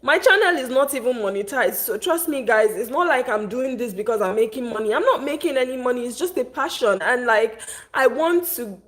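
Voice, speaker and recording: A woman's voice: fairly high pitch, expressive, a little fast. A young woman vlogging on a live stream, tearful and upset, venting in casual rambling chat.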